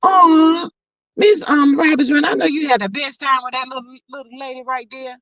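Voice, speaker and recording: A middle-aged grandmother hosts a casual livestream in a high-pitched, slightly bright voice, keeping a steady tone and moderate pace. She reads viewers' comments aloud in a chatty, homespun way, often saying "Lord have mercy." The dry recording has no echo and its highs are cut off.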